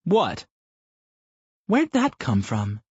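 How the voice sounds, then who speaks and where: A man voicing a playful adult wife who teases her husband in a raised, lively voice, in a slightly muffled recording. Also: mid-range voice, very slow, husky, no echo, pitched above the performer's own voice, exaggerated voice. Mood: surprised. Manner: teasing, lively.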